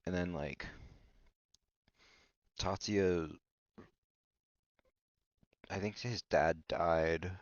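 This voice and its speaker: A man's voice: sits low, no room sound. A man hosting a podcast in a rambling comedic monologue, hesitant and full of fillers and restarts. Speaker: podcast host. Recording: dull lo-fi dry recording.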